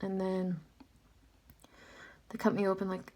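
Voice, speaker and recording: A woman's voice: medium pitch, monotone, unhurried, warm tone, a little hiss or hum. A woman telling a personal story in a casual, chatty way, full of "like" and "um". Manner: chatty, filler-heavy, lots of "like" and "um". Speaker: vlogger.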